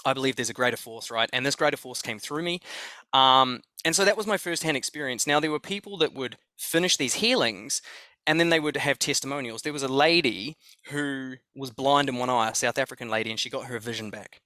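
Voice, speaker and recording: An Australian man recounts a story on a podcast, excitable and loose with swear words, circling back and repeating himself. His voice is bright and forward at an average pitch. The recording is dry and close. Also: brisk, no room sound. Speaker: podcast guest. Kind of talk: conversational storytelling.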